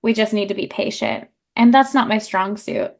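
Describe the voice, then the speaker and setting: On a relaxed book podcast, a young female co-host chats away with plenty of fillers and quick laughs. Her voice is medium in pitch and a little mellow, at a moderate pace.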